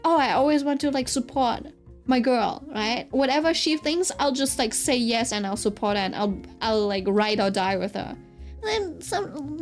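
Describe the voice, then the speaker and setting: A young woman chatting casually and rambling while she draws, laughing often and using lots of fillers. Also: high-pitched. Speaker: artist streaming while drawing. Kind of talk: casual chat while drawing.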